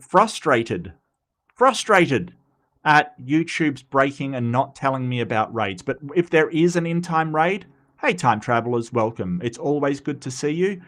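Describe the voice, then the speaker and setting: A man's voice: a little high, fairly bright tone. An Australian man hosting a casual livestream, chatty and rambling, with frequent asides and restarts. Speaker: livestream host.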